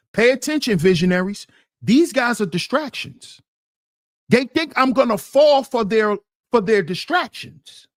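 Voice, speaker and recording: A man's voice: sits high, dry recording, clean studio sound. A man hosting a livestream, reading chat comments aloud and answering them in an emphatic, mocking way that repeats phrases.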